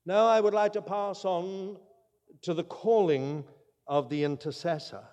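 A high-voiced man preaching a sermon in a large hall, his words trailing off into a long reverb. He tells stories with emphasis and slows right down to stress key points. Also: a little mellow, highs cut off.

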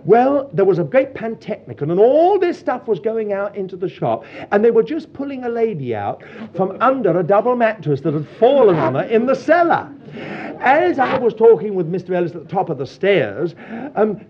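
An older man who leads a Christian fellowship, telling lively anecdotes to his congregation and acting out the voices of the people in them. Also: very high voice, slight background noise. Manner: animated storytelling, acts out quoted voices. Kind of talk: anecdotal testimony talk. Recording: dull lo-fi recording.

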